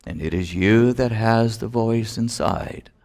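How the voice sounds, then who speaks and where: A man giving a solemn spiritual talk, with deliberate phrasing and long pauses. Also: lowish voice, creaky, darkish tone. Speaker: spiritual teacher.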